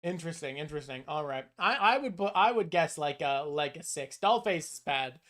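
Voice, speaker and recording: A woman's voice: low voice, animated, a little fast. A woman hosting a stream, chatting casually, opinionated and rambling as she ranks things. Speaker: streamer host. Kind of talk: casual chat ranking topics.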